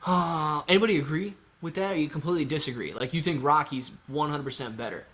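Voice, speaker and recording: A man with a fairly high-pitched voice hosts a relaxed livestream. He reads comments from his viewers out loud and answers each one in an easygoing, joking way. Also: fast talker. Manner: playful and joking. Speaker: livestream host. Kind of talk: casual livestream chat.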